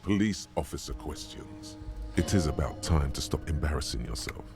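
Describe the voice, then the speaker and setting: An actor voicing a grave, taunting inner-voice narrator in a video game. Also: male voice, rumbling low, expressive, normal speed. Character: ominous male inner-voice narrator. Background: faint game music.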